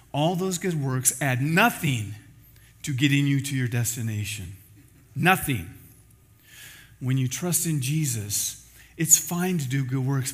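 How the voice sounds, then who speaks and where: A man preaching a sermon as pastor, in a conversational style with everyday examples. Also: mid-range voice.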